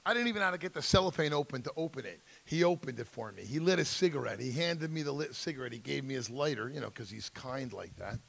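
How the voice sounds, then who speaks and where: A man's voice: medium pitch, expressive, quick pace, creaky, few pauses, a bit bright. A middle-aged man speaking at a school drug seminar, telling his life story with intensity and acting out the voices of people in it. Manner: acts out quoted voices, emphatic, intense. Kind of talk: personal storytelling talk.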